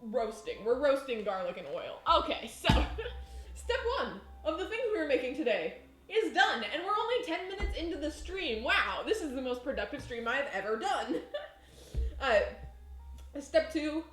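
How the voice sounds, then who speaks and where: A woman's voice: sits high, sing-song, moderate pace, a bit bright, soft background music. A woman chatting casually on a live cooking stream in her home kitchen, rambling and laughing often. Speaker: baking streamer. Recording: echoey room.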